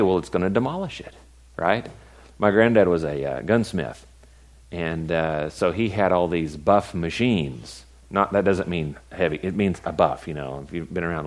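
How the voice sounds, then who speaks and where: A middle-aged man preaching a sermon in a conversational way, asking his listeners rhetorical questions. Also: sits low. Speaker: pastor.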